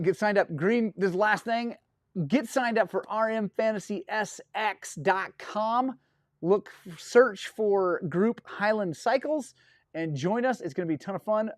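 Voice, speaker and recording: A man's voice: fairly high pitch, dry recording, clean studio sound. A man hosting a dirt bike live stream, chatting casually in a rambling, effusive way and thanking viewers often.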